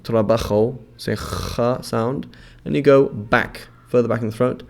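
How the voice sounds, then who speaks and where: Speaking in a mid-range voice with fairly even intonation, a man with a gravelly, creaky edge explains pronunciation like a patient teacher. He says each model word slowly and repeatedly, drawing out the sounds, and keeps checking that the listener is following along.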